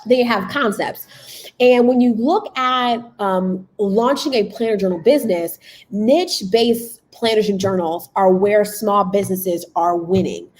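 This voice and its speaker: A young woman hosts a casual livestream training. She is chatty and excitable, repeats herself and leans on fillers. Her voice sits at an everyday middle pitch. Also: a little slow, low-quality recording. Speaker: channel host and business coach. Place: school classroom.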